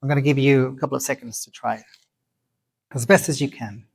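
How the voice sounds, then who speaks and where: A man from Mexico City, giving a lecture and slowly repeating words so listeners can pronounce them. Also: mid-range voice, steady tone, creaky, breathy edge, low-quality recording. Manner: slow, deliberate, repeats words to teach pronunciation.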